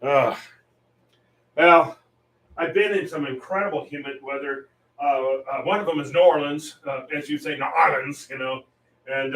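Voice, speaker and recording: A man's voice: a little high, a bit bright, recorded from a distance, a little hiss or hum. A man hosting a painting stream, chatting casually in a rambling, easygoing way and laughing often. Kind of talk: casual chat while painting. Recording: roomy sound, off-mic.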